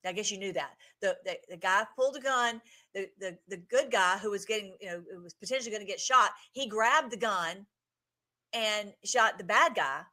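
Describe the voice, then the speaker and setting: A woman's voice: medium pitch, normal speed, pushed and bright. A woman hosting a casual livestream, commenting on clips in an effusive, emotional way with many restarts.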